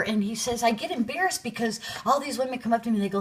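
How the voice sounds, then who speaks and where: A woman's voice: a little high, fairly bright tone. A woman hosting her own show, talking casually with many fillers. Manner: rambling, filler-heavy, unhurried. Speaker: podcast host. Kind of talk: casual commentary.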